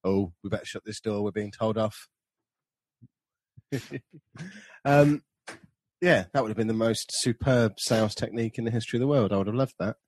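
A man's voice: on the low side, moderate pace, long pauses, darkish tone, no echo. A man co-hosting a podcast, chatting casually with wry, joking asides. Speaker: podcast co-host. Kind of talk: casual chat.

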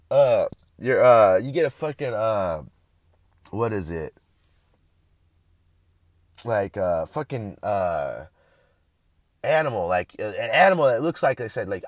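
A young man hosting a show, talking in a crude, rambling monologue that swings between loud outbursts and mumbling. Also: mid-range voice, no echo. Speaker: podcast host. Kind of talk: casual profane monologue.

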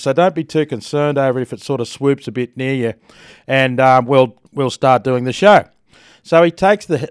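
A man's voice: mid-range voice, dry recording, clean studio sound. A man with an Australian accent hosting a breakfast radio show, telling stories and reading news in a chatty way, often laughing, with a sore throat.

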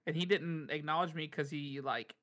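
Guy on a coffee podcast, kinda high voice, laughs a lot while telling stories. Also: normal speed. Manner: animated storyteller, laughs often. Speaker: podcast co-host, cafe worker. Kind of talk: casual chat.

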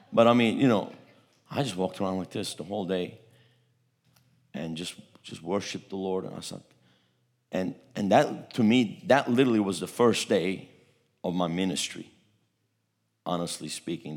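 A man's voice: low-pitched, slightly rough. A man preaching a testimony sermon, telling a story with repeated words and a voice that swells at its peaks.

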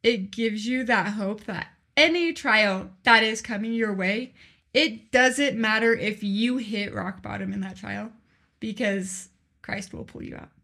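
A young woman co-hosting a faith podcast, sharing her own low times in a heartfelt, personal way. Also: unhurried, sharp tone. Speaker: podcast co-host. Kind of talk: casual faith chat.

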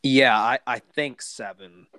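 A man's voice: medium pitch, takes it slowly, sharp tone, dry recording. A man hosting a podcast in casual chat, rambling with lots of fillers and restarts. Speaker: podcast host.

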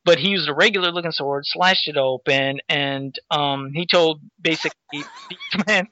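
A man's voice: fairly high pitch, normal speed, bright, forceful tone, slight background noise. A man hosting a casual chat, rambling with many fillers as he recaps a comic and reads its captions aloud. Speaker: podcast host recapping a comic. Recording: dull lo-fi sound.

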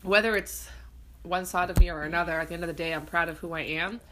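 A woman tells a story fast, with a bright and forceful voice. She is animated and acts out the lines of the people in her story. Her pitch sits a little low. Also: slight background noise. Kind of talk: casual storytelling.

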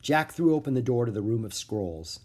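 A man narrating a children's book aloud with clear, expressive storytelling. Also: medium pitch, normal speed. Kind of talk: audiobook reading of a children's book.

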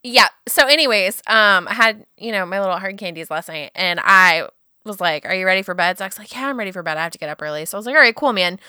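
A woman's voice: mid-range voice, quick pace, sharp tone, smooth, no echo, clean studio sound. A young woman co-hosting a casual chat, telling a story and laughing often as she talks.

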